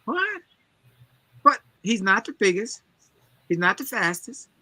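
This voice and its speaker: A man's voice: high voice, very animated, slow pace, pushed and bright, no room sound. A man giving a motivational talk as an interview guest, driving his points home with emphatic, preacher-like repetition. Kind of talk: energetic motivational storytelling.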